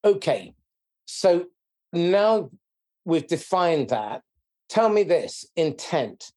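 A man's voice: on the high side, very animated, very slow, darkish tone. A man interviewing a guest about sales, asking curious questions with a joking manner and hesitant restarts. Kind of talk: conversational interview.

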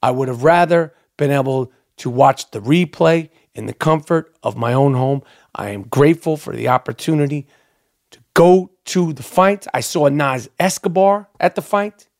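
A man's voice: fairly high pitch, normal speed, vocal fry, a little mellow, no room sound, studio quality. A man hosting a podcast, delivering a heated, profane, unedited rant and repeating himself as he gets worked up. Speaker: podcast host.

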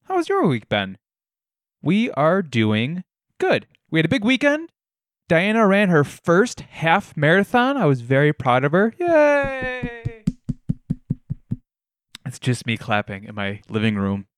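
A man's voice: fairly high pitch, big pitch swings, normal speed, dry recording, studio quality. A young man hosting a casual solo podcast from his living room, telling stories in a wry, self-deprecating way. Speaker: podcast host.

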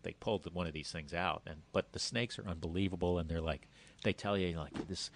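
Deep fast-talking man hosting a podcast. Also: creaky, noisy background. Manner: quick, rambling, self-correcting. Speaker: podcast host. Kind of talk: casual chat.

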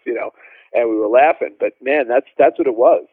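A male drummer telling animated stories as a podcast guest, with lots of fillers and restarts. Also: medium pitch, fairly quick, gravelly, slightly rough, no echo. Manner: animated, laughing storyteller, many fillers. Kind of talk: casual storytelling interview. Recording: dry phone-like line.

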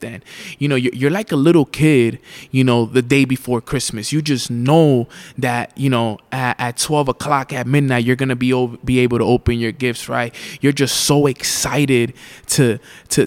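Male motivational speaker with a middle-pitched voice, casual and filler-heavy, slows down to stress the lesson. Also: a little mellow. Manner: addresses the listener as "you", many fillers, repeats key lines slowly. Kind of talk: motivational storytelling.

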